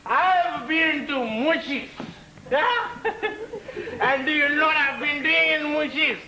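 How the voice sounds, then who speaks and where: A man uses an exaggerated, extremely high-pitched voice, pushed and bright, to play a boastful, tipsy storyteller on a theatre stage, teasing and laughing slowly as he brags. A little hiss or hum is audible, and the mic sits far off in an echoey hall.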